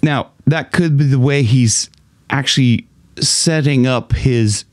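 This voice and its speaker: Man, vocal coach, casual singing lesson, laid-back rambling talk, throat clearing, mid pitch, dry close sound. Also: slow, no echo.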